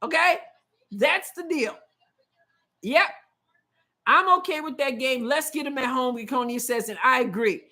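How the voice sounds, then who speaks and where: A woman with a high voice hosts a live basketball watch-along stream. She talks casually and opinionatedly. She mixes quick play-by-play asides with reading viewer comments aloud. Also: bright, forceful tone. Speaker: show host.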